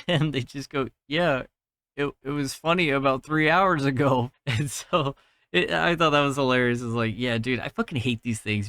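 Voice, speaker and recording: Young dude on his podcast retelling a movie, cussing a lot, middle pitch, dry close sound. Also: a bit bright, no echo. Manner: profane, laid-back, laughs at his own jokes. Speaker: podcast host recapping a film. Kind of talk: casual solo movie recap.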